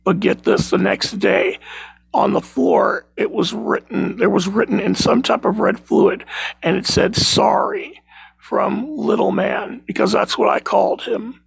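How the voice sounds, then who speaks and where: A man's voice: high voice, fairly even intonation, normal speed, creaky, slightly rough, dry recording. A man telling a scary work story in a rambling, self-correcting way, recorded on a phone. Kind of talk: casual spoken scary story.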